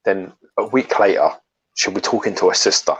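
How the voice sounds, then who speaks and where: Male co-host, low and husky, animated storyteller with frequent restarts. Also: a little fast, rough recording. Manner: animated storyteller, repeats words when starting sentences. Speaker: co-host of a collectibles chat show. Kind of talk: casual chat.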